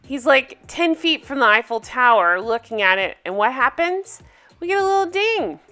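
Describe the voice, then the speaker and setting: Woman host, bright higher voice, blunt and emphatic, swears a lot, faint music behind. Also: big pitch swings, normal speed. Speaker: reality TV recap host. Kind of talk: casual video recap commentary.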